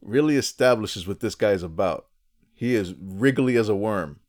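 A man co-hosting a podcast, recapping a cartoon episode in a casual, animated way, with quick asides and easy laughter. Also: on the low side. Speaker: podcast co-host.

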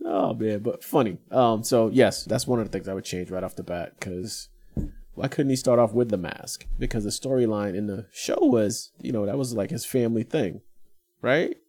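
A middle-aged man co-hosting a casual chat, animated and laughing often. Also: on the low side, moderate pace. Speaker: podcast co-host.

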